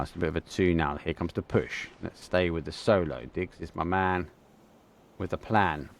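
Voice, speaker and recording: A young man with an Essex accent calls an esports match live, his voice sitting a little low. He gets excitable and talks in quick bursts, peppered with casual slang. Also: background noise. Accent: Essex English. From England, Essex. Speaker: esports caster. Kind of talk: live game commentary.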